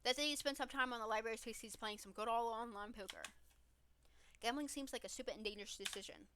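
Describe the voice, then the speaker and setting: A woman narrating a dating-sim playthrough, reading the game's text in a wry, dry way. Her voice is bright and clear, sitting a little high. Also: quick pace, slight background noise. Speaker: streamer.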